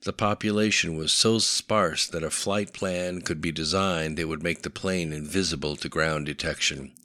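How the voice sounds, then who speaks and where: A man narrating a thriller audiobook in a steady, measured way. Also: low voice, no echo.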